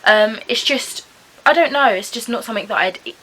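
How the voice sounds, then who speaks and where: A woman's voice: on the high side, expressive, a little fast, sharp tone, husky, poor audio. A young woman chatting casually through her book reviews, rambling with lots of "like" and "kind of" and often unsure how to say names. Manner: hedging, unsure of name pronunciations. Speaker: book vlogger.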